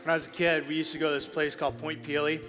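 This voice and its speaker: A man's voice: a little high, level tone, rapid-fire, bright, forceful tone, faint music behind. A man pastor telling a childhood story to close his sermon, putting on playful voices for quotes. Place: church auditorium. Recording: large church hall with reverb.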